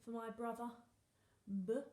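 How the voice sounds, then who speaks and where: A woman's voice: on the high side, flat delivery, measured pace, a little mellow, echoey room. A young woman teaching phonics to young children, playful and encouraging, often dropping into whispers. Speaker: reception class teacher.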